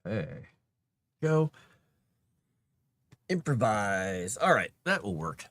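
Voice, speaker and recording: A man on a casual livestream, thinking aloud to himself as he formats a document and grumbling at the software. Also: on the low side, sing-song, takes it slowly. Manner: mutters to himself while working, grumbles at software.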